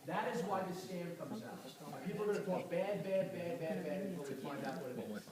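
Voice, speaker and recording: A man giving a fast, animated motivational talk on network marketing to a live audience, telling stories with a confrontational edge. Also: high voice, crowd noise. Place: event hall with audience. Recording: echoey room, far mic, audible noise.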